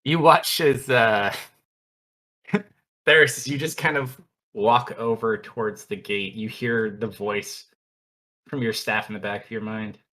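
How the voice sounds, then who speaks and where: A man's voice: lowish voice, fairly even intonation, measured pace, pauses often, sharp tone. A man narrating a tabletop role-playing game as dungeon master in a laid-back way, often laughing as he goes.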